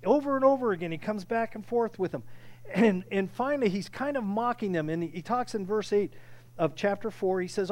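A man preaching a sermon with impassioned delivery, often restarting phrases and building to loud peaks. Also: sits high, lively intonation, a little fast. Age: older. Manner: impassioned, rising to near shouting, with frequent restarts. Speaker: pastor.

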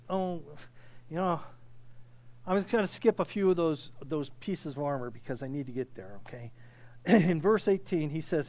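A man preaching a sermon with impassioned delivery, often restarting phrases and building to loud peaks. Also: high-pitched. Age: older. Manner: impassioned, rising to near shouting, with frequent restarts. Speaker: pastor.

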